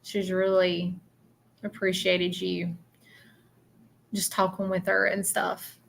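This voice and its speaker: A woman hosting a live stream as a psychic medium. She rambles and repeats herself with animated energy. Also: fairly low pitch, takes it slowly, gravelly, slight background noise. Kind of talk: live-stream reading with viewers.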